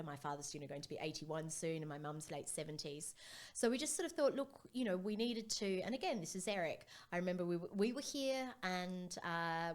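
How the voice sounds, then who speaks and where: Chatty Australian woman telling stories. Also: deep voice. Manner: chatty, rambling anecdotal storyteller. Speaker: guest winemaker. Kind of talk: casual podcast chat. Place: studio.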